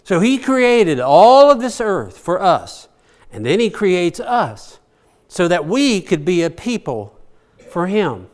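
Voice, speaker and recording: A man's voice: high-pitched, big pitch swings, slow pace, a little mellow. An older man preaching a folksy, conversational sermon, asking rhetorical questions and chuckling as he goes. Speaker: pastor.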